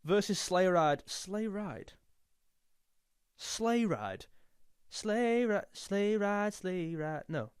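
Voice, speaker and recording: A man's voice: high voice, expressive, extremely slow, clear, resonant tone, no echo, clean studio sound. A young man chatting casually and jokily, now and then singing a snatch of a song. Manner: jokey, snatches of sung lines. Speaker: music youtuber. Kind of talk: casual chat.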